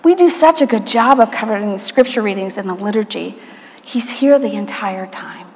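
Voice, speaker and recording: A woman preaching a sermon in a church, telling stories with playful asides and dropping to a soft hush at quiet moments. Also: mid-range voice, animated, moderate pace. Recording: church hall reverb.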